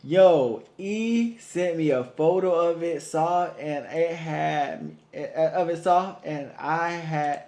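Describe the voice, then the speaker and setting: A man's voice: fairly high pitch, warm tone. Playful man reading a confession aloud. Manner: playful, quick asides. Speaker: co-host. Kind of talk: reading listener stories aloud.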